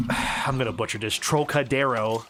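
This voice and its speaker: A man's voice: mid-range voice, fairly even intonation, moderate pace, a bit bright, a little hiss or hum, close to an everyday voice. A man voicing a stern male guard who speaks formally and keeps saying sir. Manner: formal, stiff, addresses people as sir.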